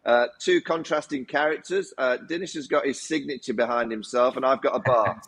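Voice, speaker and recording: A man chatting as a cricket pundit at a mid pitch. He starts and restarts with small fillers, and slips dry jokes in along the way. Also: fairly bright tone, husky. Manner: halting with fillers, dry humor. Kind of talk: casual chat.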